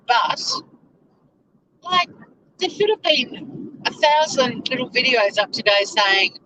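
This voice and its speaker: A woman's voice: a little high, animated, moderate pace, background noise. A woman vlogging from inside her car, ranting in exasperation and swearing freely. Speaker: YouTuber. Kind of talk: casual vlog rant.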